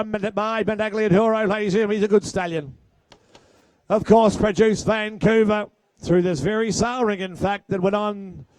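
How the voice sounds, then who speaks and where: A man auctions yearlings, his voice sitting high for a man. He rattles off bids in a quick chant and drops into friendly asides. The sound is dry, with little room around it. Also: no echo. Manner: rapid rhythmic bid calling with asides. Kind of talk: horse auction calling. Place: sale ring.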